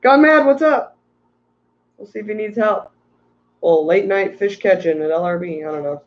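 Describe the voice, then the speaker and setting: On a low-fidelity recording, a high-pitched man speaks at normal speed while hosting a relaxed fish-keeping livestream. He's worn out from lack of sleep and drifts into rambling and ranting as he reads viewers' chat messages.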